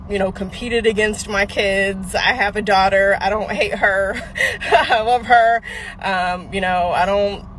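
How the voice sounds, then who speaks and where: Frank bright-voiced woman telling a story. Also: mid-range voice, slight background noise, rough recording. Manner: frank, emphatic, self-critical. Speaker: storyteller sharing a confession. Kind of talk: candid personal storytime.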